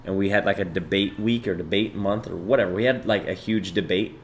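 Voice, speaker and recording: Male streamer in his twenties, low-pitched and loose, casual profane chat, faint room hiss. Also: brisk. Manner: loose, profane, chatty banter with viewers. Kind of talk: casual livestream chat reading out chat.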